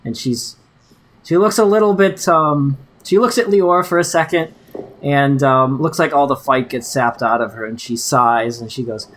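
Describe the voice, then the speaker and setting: A man's voice: medium pitch, moderate pace, fairly bright tone, a little hiss or hum. A man narrating the action as game master of a tabletop role-play, casual and full of fillers.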